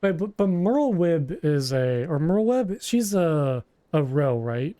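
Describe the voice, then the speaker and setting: A man's voice: fairly high pitch, big pitch swings, takes it slowly, warm tone. A man streaming a role-playing game, chatting casually and rambling with lots of fillers and restarts. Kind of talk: casual gameplay commentary, reading dialogue aloud.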